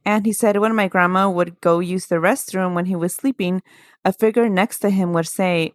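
A woman's voice: fairly low pitch, moderate pace, dry recording. A woman co-hosting a casual spooky podcast, telling stories with laughter and acted-out voices. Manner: animated, laughs often, acts out quoted voices. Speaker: podcast co-host. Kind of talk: casual chat, storytelling.

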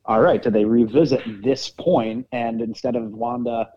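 A man's voice: mid-range voice, fairly even intonation, moderate pace, warm tone, highs cut off. A man co-hosting a podcast in casual chat, explaining his theories at length and thinking aloud. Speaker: podcast co-host.

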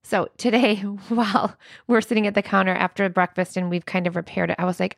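A woman in her thirties or forties chatting candidly as a podcast co-host. Her mid-pitched voice has a gravelly fry, and she speaks openly and often breaks into laughter. The recording is close and dry. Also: little pitch movement, fairly quick, no echo. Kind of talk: casual chat.

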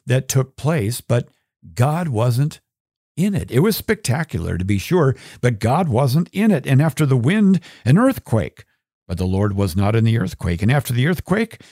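A man hosting a radio talk show, teaching a Bible story with animated storytelling and dramatized quotes. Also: mid-range voice, no echo, studio quality.

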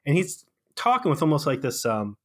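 A man co-hosting a casual comedic podcast, recapping a TV episode with sarcastic, animated storytelling and plenty of fillers. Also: on the high side, fairly quick, slightly rough. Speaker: podcast co-host.

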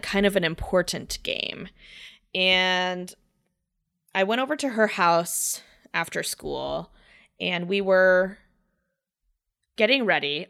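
A woman's voice: fairly low pitch, vocal fry, sharp tone. A woman telling a personal story in casual conversation, chatty, swearing freely and saying "like" a lot. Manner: acts out voices in quoted speech.

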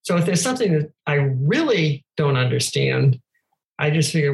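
An older woman speaking as a podcast guest, reflecting thoughtfully and gently on scripture in conversation. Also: low voice, sing-song, normal speed, low-quality recording.

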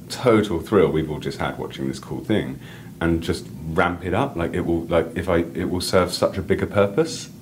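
Brief: low-voiced male writer guest, chatty and rambling, faint background hiss. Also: a little mellow. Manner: rambling and enthusiastic, many restarts and "like"s. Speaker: author and editor, guest. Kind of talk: casual interview and reading aloud.

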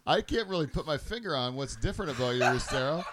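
A man hosts a casual podcast, asking quick questions and laughing often. His pitch moves in a lively way and sits a bit high. A faint noise runs under the recording. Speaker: podcast host. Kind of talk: casual chat.

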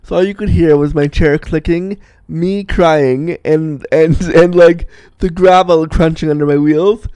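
A young man telling a personal story in a casual, animated, self-mocking way, laughing often. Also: fairly high pitch, unhurried, hardly any pauses, clear, resonant tone, no room sound.

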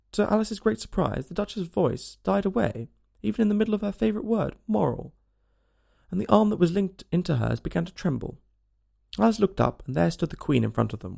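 Gravelly man reading a storybook. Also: fairly high pitch. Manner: expressive, animated narration. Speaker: narrator.

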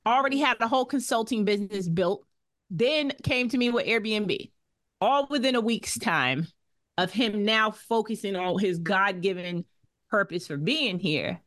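A woman's voice: medium pitch, lively intonation, unhurried, a bit bright. A woman guest in a podcast interview, talking in an emphatic, self-assured way about her business. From Boston area. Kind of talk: casual interview talk.

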